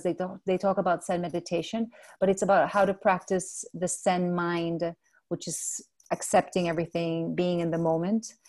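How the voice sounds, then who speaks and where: A woman whose first language is Spanish, chatting gently in an interview about mindfulness, pausing often to correct herself. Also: lowish voice, creaky. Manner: thoughtful, self-correcting, gentle. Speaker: guest, mindfulness mentor. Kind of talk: casual interview chat.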